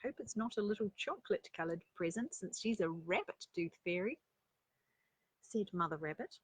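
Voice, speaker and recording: A woman reads a children's story aloud, stopping often for chatty asides and questions to her listeners. Her breathy, lively voice sits a bit high, recorded close and dry. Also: normal speed, dry recording. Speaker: storyteller and life coach.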